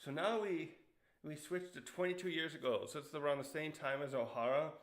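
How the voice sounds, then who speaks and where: Rambling man recapping a comic chapter. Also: fairly quick. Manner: rambling, many fillers, acts out quotes in a higher voice. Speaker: manga reviewer. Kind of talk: casual recap commentary.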